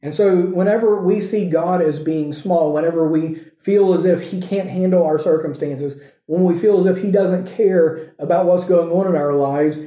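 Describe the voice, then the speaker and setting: A man's voice: high-pitched, moderate pace, few pauses, mellow. A man preaching a conversational sermon in a church, checking in with the congregation as he goes. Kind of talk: conversational sermon with scripture reading. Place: church sanctuary. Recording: echoey room sound.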